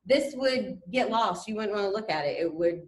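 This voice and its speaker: A woman art teacher lecturing over slides in a chatty way, full of fillers and restarts, raising her pitch to stress key words. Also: expressive, normal speed, far from the mic. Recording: echoey room, voice off-mic.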